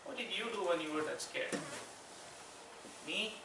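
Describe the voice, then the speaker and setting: Slow, bright man giving a speech. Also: high voice, lively intonation, vocal fry. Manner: slow, dramatic pauses, rhetorical questions. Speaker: contest speaker. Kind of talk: persuasive speech. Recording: echoey room, far mic, faint noise.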